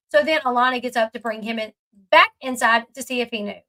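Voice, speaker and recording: A woman talks through a reality-show clip in a casual, chatty way. Her voice sits high, and she leans hard on her points with plenty of fillers. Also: fairly quick, bright, forceful tone, low-quality recording. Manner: chatty, emphatic, fillers and asides. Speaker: commentary channel host. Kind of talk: casual reaction commentary.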